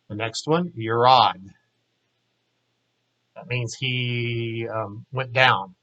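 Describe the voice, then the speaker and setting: Slow, patient male Hebrew teacher. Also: mid-range voice, a bit bright, muffled recording. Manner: patient, repeats words slowly for learners. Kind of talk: language lesson with drills.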